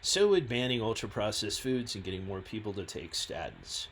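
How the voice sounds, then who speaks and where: A man, a scientist and founder, talking through his own website in a halting, self-deprecating way. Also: lowish voice, lively intonation, fairly bright tone, slight background noise. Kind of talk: reading and commenting on his website.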